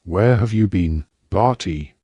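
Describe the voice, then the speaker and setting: A man voicing a breathless, excitable wizard official. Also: sits low, breathy edge, no room sound, highs cut off, full character voice. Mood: agitated. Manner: breathless, rapid questions.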